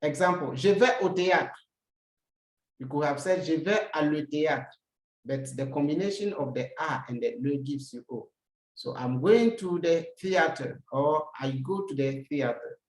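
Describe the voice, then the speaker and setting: A language teacher walks through a lesson, saying each example sentence, then translating it and repeating it. Now and then they turn to the learner with a rhetorical question. The voice sits at an ordinary pitch and rings in a roomy space. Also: normal speed. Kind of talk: recorded lesson. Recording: roomy echo.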